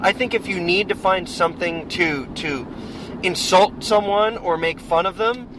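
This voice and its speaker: Riding in a car, a male podcast co-host rambles through his views in casual, emphatic chat. He speaks unhurriedly in a voice that sits high. Crowd noise and loud road noise make for poor audio.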